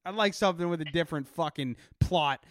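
A man's voice: a little high, brisk, dry recording, studio quality. A man co-hosting a podcast, chatting casually with profane, joking commentary. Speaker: podcast co-host. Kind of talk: casual chat.

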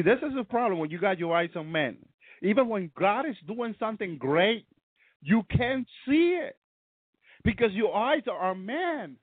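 A man's voice: very high voice, no room sound, phone-quality sound. A man preaching a sermon with fervor, often breaking into hallelujahs. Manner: fervent, peppered with hallelujahs.

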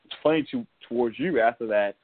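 A man's voice: mid-range voice, fast, dry recording. Rambling man on a tinny line. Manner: rambling, laughs often, many restarts. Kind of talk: casual chat. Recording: tinny phone-like sound.

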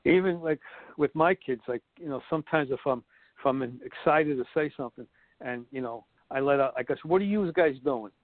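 A man's voice: medium pitch, fairly quick, dry recording. A middle-aged man with a Brooklyn accent, telling stories as a podcast guest and acting out the voices of the people in them. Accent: New York (Brooklyn). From Brooklyn, New York. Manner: animated storyteller, acts out quotes. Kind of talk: casual podcast chat. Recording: tinny phone-like line, dry.

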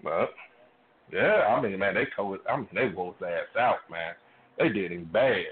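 A man hosting a radio show, telling stories in a casual, profane, animated way. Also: low-pitched, normal speed, husky. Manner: animated, swearing, laughing loudly. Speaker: radio host. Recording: phone-like narrow band.

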